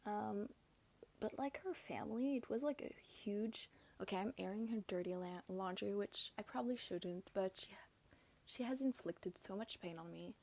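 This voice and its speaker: The host, a young woman, does her makeup while telling stories on a casual podcast, speaking in a confiding tone that often drops to a whisper. Her mid-range voice is creaky and darkish, delivered at normal speed.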